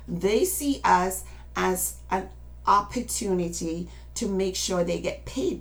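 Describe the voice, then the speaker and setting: Older woman, rambling casual monologue, insistent, addresses listeners directly. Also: mid-range voice. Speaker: speaker addressing followers.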